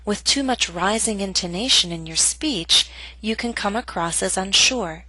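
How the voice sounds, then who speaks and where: A woman narrating a scripted English pronunciation lesson in an even, read-aloud manner. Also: medium pitch, measured pace, no room sound, low-quality recording.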